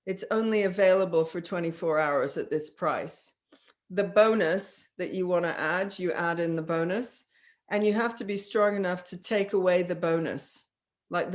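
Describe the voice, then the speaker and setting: A woman business coach talking casually, acting out sales dialogue as she explains her method. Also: medium pitch. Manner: acts out sales dialogue in quoted voices. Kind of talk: casual teaching talk.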